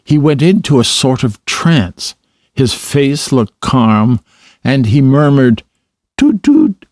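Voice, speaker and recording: Male storybook narrator, slow and measured, dry close sound. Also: mid-range voice, darkish tone, dry recording.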